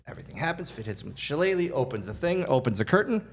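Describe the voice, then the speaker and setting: A man, a podcast guest, telling stories in an animated way, laughing often and acting out other people's voices. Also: fairly high pitch, very fast. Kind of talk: storytelling on a podcast.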